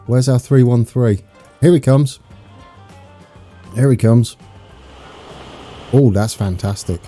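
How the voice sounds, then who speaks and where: A British man giving excitable, chatty live gameplay commentary, talking to his viewers as he plays. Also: on the low side. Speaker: game streamer.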